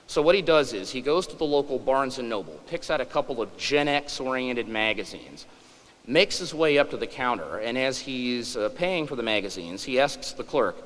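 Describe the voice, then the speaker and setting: A man's voice: mid-range voice, lively intonation, normal speed, fairly bright tone, big-room sound, poor audio. A man in his forties giving a humorous public lecture, wry and self-deprecating. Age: 40s.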